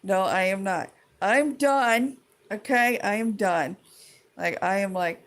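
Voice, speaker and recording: A woman with a mid-range voice speaks slowly as she rants to the camera for her viewers. Her rant is heated, profane, and rambling, full of restarts and thoughts that trail off.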